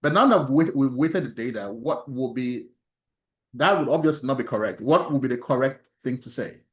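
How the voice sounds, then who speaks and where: A male instructor lecturing an online statistics workshop. He asks his students questions, laughs softly, and often restarts his sentences. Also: mid-range voice, expressive, moderate pace, echoey room.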